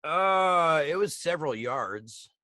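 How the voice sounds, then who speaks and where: A man co-hosting a podcast, retelling TV scenes in a lively, swearing casual chat and acting out lines in quick voices. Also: on the high side, dry recording, studio quality. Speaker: podcast co-host. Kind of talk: casual chat recapping a TV show.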